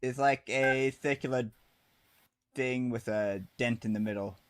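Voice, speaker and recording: A man running a tabletop game as game master, describing scenes in a plain, unhurried way. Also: medium pitch, smooth.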